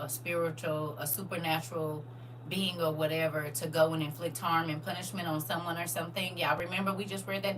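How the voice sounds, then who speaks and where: A woman hosting a casual livestream, chatting to viewers as "y'all" and answering their comments aloud, with expressive swings from hushed to loud. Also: lowish voice, slight background noise. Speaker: livestream host.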